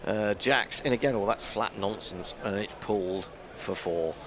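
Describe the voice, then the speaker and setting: A man's voice: on the low side, unhurried, noisy background. A man doing ball-by-ball cricket commentary, chatting and musing aloud as he calls the play.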